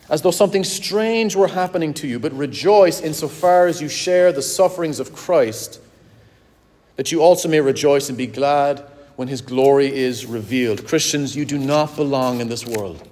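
A pastor preaching a sermon to his congregation, earnest and direct, slowing down to stress key words. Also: a little high, a little mellow. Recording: long hall reverb.

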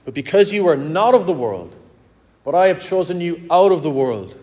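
A pastor preaching a sermon to his congregation, earnest and direct, slowing down to stress key words. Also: fairly high pitch, very animated, darkish tone. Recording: long hall reverb.

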